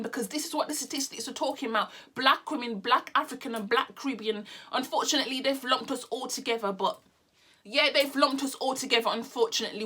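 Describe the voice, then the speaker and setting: Angry bright-voiced woman ranting. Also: high-pitched. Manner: angry, blunt, swearing, sarcastic. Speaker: vlogger. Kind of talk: heated opinion rant to camera.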